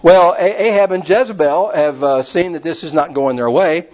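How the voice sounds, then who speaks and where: Male preacher, folksy rambling storyteller, slightly high voice, muffled lo-fi recording. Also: moderate pace, a little mellow. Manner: folksy and rambling, with many fillers. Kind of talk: casual sermon storytelling.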